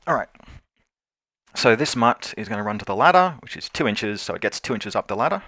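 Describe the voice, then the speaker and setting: Over a remote call, a man plays a tabletop wargame and thinks aloud through his moves, often correcting himself in casual game commentary. His voice is on the low side and sing-song, a little fast, with a sharp tone and no room sound.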